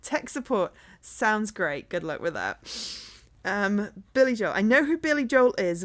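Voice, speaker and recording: A woman's voice: mid-range voice, big pitch swings, a little slow. Chatty woman streamer who laughs often. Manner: chatty and rambling, laughs often, hums and sings snatches of songs. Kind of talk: casual live-stream chat with viewers. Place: home.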